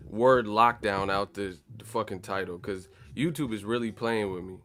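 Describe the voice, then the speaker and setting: With soft music playing in the background, a Bay Area man hosts a boxing channel livestream in a profane, joking, slang-filled casual style. His lowish voice has a fairly bright tone and moves at normal speed.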